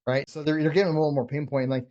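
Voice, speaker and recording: A man's voice: a little high, flat delivery, very fast, darkish tone, dull audio. A man coaching sales negotiation in a casual teaching talk, blunt and emphatic, often restarting his words. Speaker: real estate wholesaling coach.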